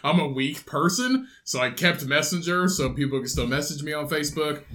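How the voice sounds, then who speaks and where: A man from south central Indiana co-hosts a casual podcast with his brother. His voice sits slightly high for a man, and he rambles, restarts often and swears freely. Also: lively intonation, normal speed, sharp tone. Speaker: podcast co-host. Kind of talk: casual chat.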